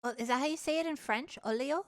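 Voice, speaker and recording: A woman's voice: sits high, fast, a bit bright. A young woman streamer chatting casually with her live chat, playful and giggly, trying out words with a mock French accent.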